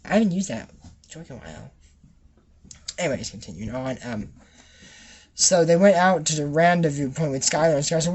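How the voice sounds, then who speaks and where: A man's voice: a little high, expressive, brisk, long pauses, breathy edge. A young man giving a sarcastic, comedic recap of a cartoon episode and acting out the characters' lines.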